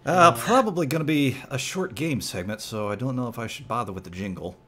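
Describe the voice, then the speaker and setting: Husky guy hosting a podcast chat, voice jumps all over, jokey. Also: mid-range voice, brisk. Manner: animated, joking, reads news aloud. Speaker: podcast host. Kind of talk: casual group chat.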